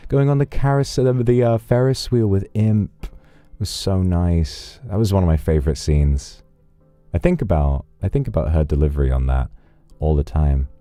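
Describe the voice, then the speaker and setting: A man with an extremely deep, dark voice talks casually on a live stream and rambles through his thoughts with many restarts. The sound is dry and close, with faint music underneath. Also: no room sound. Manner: reflective, rambling storytelling with restarts.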